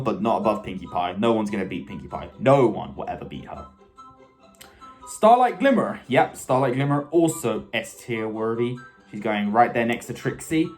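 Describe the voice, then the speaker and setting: Enthusiastic rambling male fan vlogger. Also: mid-range voice. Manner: enthusiastic, fan-like, many self-corrections and asides. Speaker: video host ranking cartoon characters. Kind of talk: casual rambling commentary.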